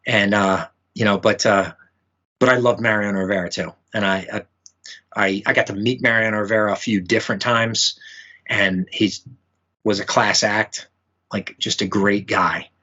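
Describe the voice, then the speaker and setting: Casual male musician guest, slightly low voice, halting and rambling delivery, muffled home recording. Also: steady tone, bright, forceful tone. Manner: rambling, many fillers and restarts. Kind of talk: casual interview chat. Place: home room with memorabilia.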